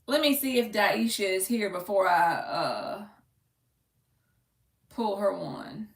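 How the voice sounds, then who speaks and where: In a reverberant space, a woman with a medium-pitched voice speaks slowly during a chatty live tarot reading. She reads the cards' meanings out of a book and calls her viewers "baby."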